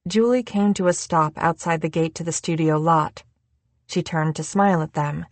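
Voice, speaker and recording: A woman reading an audiobook in a measured, unhurried scripted narration. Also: low voice, dry recording.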